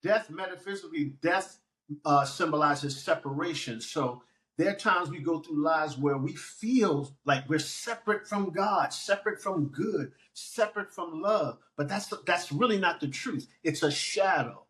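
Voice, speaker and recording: A man, a pastor and musician, talking on a podcast in an emphatic, preacherly way, quoting scripture and acting out talking to his own feelings. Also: measured pace. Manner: emphatic, animated swings in pitch. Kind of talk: conversational podcast interview.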